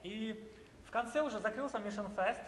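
A man's voice: high-pitched, fast, a bit bright, long reverb tail. A Ukrainian man from Ukraine speaking at a church, joking and prompting his wife to translate for him.

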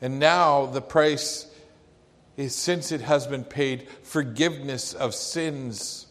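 Slow-spoken preacher in a reverberant hall. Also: male voice, medium pitch, a bit bright. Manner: slow, earnest, reflective delivery. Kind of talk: sermon.

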